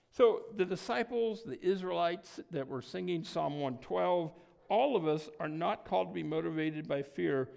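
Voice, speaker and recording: A man delivers a sermon in a relaxed, conversational way, often checking in with his listeners. His voice sits fairly high for a man and has a gravelly, fry-laden edge. He fills his pauses with soft "um"s. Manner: conversational, frequent "um" and "right?". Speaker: pastor.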